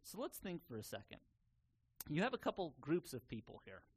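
A male pastor delivering a sermon with a voice that sits a little higher than most men's. He talks earnestly and conversationally, reasoning aloud with his listeners and sometimes stopping on a filler before pressing on. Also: wildly swooping pitch, fairly quick, husky.

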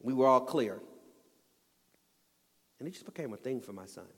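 A man preaching in a church sanctuary, his voice carrying a long hall reverb. He tells stories earnestly and rises to emphatic peaks. His pitch sits mid-range for a man. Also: animated, moderate pace. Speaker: pastor. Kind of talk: sermon.

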